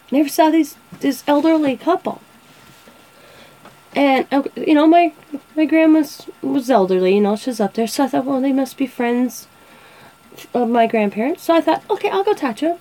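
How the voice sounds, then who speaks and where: On a rough recording, a high-pitched, slightly mellow woman in her forties hosts a casual show. She chats, tells funny family stories, laughs often and acts out quoted voices.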